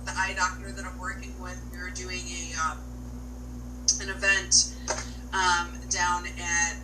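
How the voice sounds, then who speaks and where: Woman guest, halting filler-heavy storytelling, mic set at a distance, audible hum. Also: fairly low pitch, completely flat delivery. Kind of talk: casual chat.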